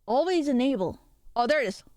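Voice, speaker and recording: A woman VTuber streamer rambles through a casual livestream chat, often breaking into giggles. Her voice sits a little high and sounds smooth and clear. The sound is dry and close. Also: lively intonation, a little fast, a little mellow, no room sound.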